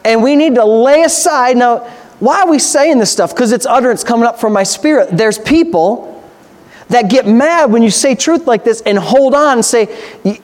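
A man, a pastor, preaching a sermon with passionate, repetitive emphasis. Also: very high voice.

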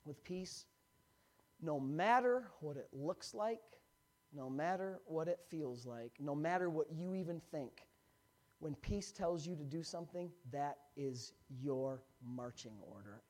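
A man preaching a sermon, telling a personal story in an animated way and building to emphatic points. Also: a little high, unhurried. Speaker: pastor.

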